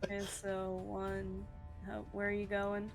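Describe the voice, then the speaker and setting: A woman acting as game master in a tabletop game over voice chat, relaxed and often laughing. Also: medium pitch, unhurried, music in the background. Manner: relaxed, counts squares aloud, laughs often. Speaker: dungeon master.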